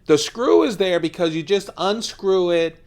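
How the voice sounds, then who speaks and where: Man, casual show-and-tell vlog, playful, chuckly, unhurried delivery. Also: high voice, animated, a little mellow. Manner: playful, enthusiastic, chuckling, drawn-out emphasis. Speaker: host of an everyday-carry knife channel.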